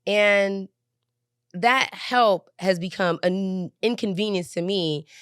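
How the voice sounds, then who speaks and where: A woman's voice: mid-range voice, takes it slowly, fairly bright tone, clear, resonant tone, no echo, studio quality. A woman hosting her own podcast, venting in a heated, profane way and driving her points home with "okay?". She is angry and shaken. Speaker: podcast host. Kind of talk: casual venting monologue. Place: recording studio couch.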